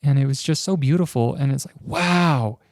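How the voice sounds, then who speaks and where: A man's voice: medium pitch, normal speed, darkish tone, no echo, clean studio sound. A man on a podcast as a guest, earnestly telling a personal faith story with many restarts and filler words.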